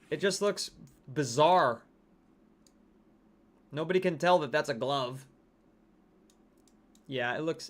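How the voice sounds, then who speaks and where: A man hosts a game livestream with a slightly high, somewhat bright voice. He stays chatty, reads out what viewers write, and reacts to game skins and the chat.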